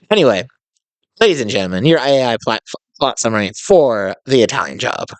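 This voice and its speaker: A man's voice: mid-range voice, sing-song, moderate pace, no echo. A man hosting a movie podcast, chatting casually and rambling through restarts and hedges. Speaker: podcast host.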